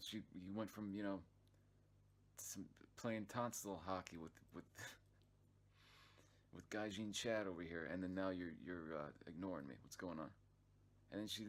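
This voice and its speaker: Low-voiced man telling a rambling story. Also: normal speed. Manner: rambling, swears freely, many restarts and fillers. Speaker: vlog narrator. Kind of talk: casual profane storytelling.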